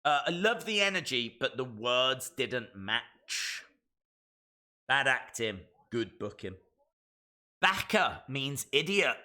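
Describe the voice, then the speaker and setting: A man streaming a live wrestling watch-along, reacting with jokes and sudden shouted mimicry. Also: medium pitch, slow pace. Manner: animated, jokey, mimics wrestlers in shouted bits.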